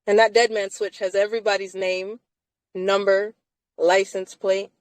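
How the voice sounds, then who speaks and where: A woman's voice: mid-range voice, level tone, a little slow, no echo, low-quality recording. A woman hosting a casual live chat from inside a car, talking emphatically and laughing often between phrases.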